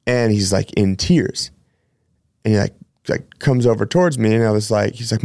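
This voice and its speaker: This personal trainer hosting a podcast speaks briskly, his voice on the low side with vocal fry and a slightly mellow quality. He rambles through chatty, casual stories with many self-corrections. Studio-quality audio, no room sound.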